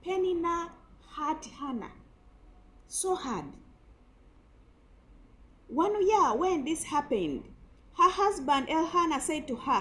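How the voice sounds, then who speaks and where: A woman's voice: high voice, very animated, slow, long pauses, fairly bright tone, low-quality recording. A woman preacher giving an emphatic sermon full of rhetorical questions.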